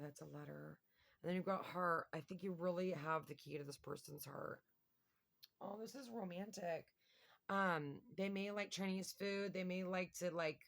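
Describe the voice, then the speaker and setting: A woman's voice: lowish voice, fairly bright tone. A woman giving a casual tarot reading to her viewers, chatty and thinking aloud with lots of fillers. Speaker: tarot reader.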